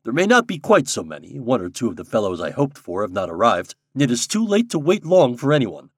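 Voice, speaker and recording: A man voicing a hearty, bossy older gentleman who teases and boasts loudly. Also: huge pitch swings, fairly quick, breathy edge, no echo, studio quality. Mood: jovial. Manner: booming, boastful, teasing.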